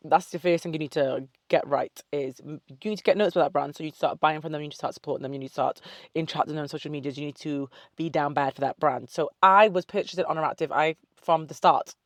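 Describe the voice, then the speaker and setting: A woman's voice: low voice, fast talker, no echo, clean studio sound. A young woman in a casual Q&A chat to camera, a fitness coach who swears freely, drifts off on tangents and gives upbeat self-love pep talk. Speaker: fitness model and online coach.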